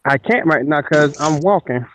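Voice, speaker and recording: A man co-hosting a podcast in casual chat, answering with short deadpan replies. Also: a little high, normal speed, a little hiss or hum, rough recording. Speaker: podcast co-host.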